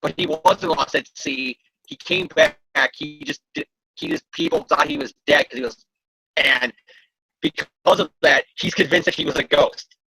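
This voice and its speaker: A man co-hosts a casual podcast in a high, very lively voice. His tone is bright but gravelly and husky. He jokes constantly and laughs easily. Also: rough recording. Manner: joking, animated, quick to laugh. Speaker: podcast co-host.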